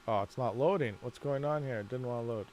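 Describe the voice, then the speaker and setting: A man's voice: medium pitch, fairly quick, a little mellow, slight background noise. Laughing, rambling livestream guy. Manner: rambling, laughs a lot, mutters while fiddling. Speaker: mining livestream host. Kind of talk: casual livestream chat.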